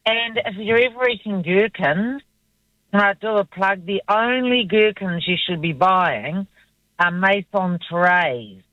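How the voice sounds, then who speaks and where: A woman's voice: medium pitch, unhurried, no echo, muffled recording. A woman calling in to a radio show, chatting in an eager, hesitant way with some stumbles. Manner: hesitant, enthusiastic. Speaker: radio caller. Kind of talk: casual phone-in chat. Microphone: phone line.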